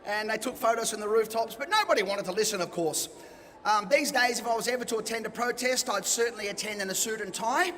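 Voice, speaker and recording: A man's voice: high voice, quick pace, fairly bright tone, a little hiss or hum. A middle-aged Australian man speaking at an event, telling personal stories in a chatty, self-deprecating way. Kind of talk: personal storytelling talk. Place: event hall. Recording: long reverb of a hall.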